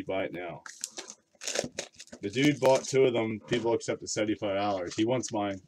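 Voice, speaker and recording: There's a little background noise behind this man's lowish voice. Chatty and meandering, he hosts a card break stream, speaking to his chat and naming cards aloud between tangents.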